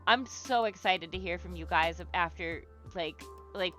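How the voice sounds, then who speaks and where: Young woman hosting a livestream while she draws. Her voice is bright and clear, with faint music under it. She talks in a loose, rambling way, full of fillers and restarts, and cheers her viewers on. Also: on the low side, moderate pace. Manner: chatty and rambling, many fillers and restarts, swears casually; warm and encouraging to viewers. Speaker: livestream host leading an art therapy exercise. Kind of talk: casual livestream chat while drawing.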